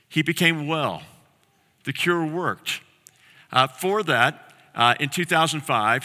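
A man preaching a sermon as pastor, telling a story earnestly and slowing down on key phrases. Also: medium pitch, sharp tone, in a large hall.

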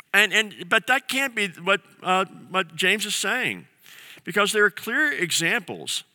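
A man with a high voice and a very bright, forceful tone preaches a sermon. He speaks conversationally, stumbles into restarts and briefly acts out the voices he quotes. The sound rings with a long hall reverb. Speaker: pastor.

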